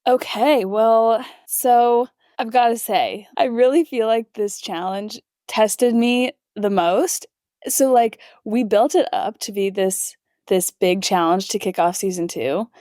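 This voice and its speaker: A woman's voice: on the high side, slow pace, warm tone, dry recording, studio quality. A young woman co-hosting a podcast in casual chat, upbeat and enthusiastic, using fillers as she talks. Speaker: podcast co-host.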